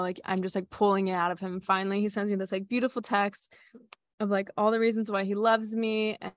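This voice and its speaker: A woman's voice: medium pitch, level tone, a little fast, dry recording, clean studio sound. A young woman who leads retreats, telling a personal story in a candid, casual way, full of "like" and casual swearing. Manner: candid, filler-heavy with frequent "like", swears casually. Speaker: retreat facilitator.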